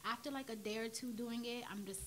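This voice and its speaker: A woman's voice: on the high side, fairly even intonation, brisk, a bit bright, slight background noise. A woman actress, a podcast guest, chatting casually and trailing off with fillers. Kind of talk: casual chat.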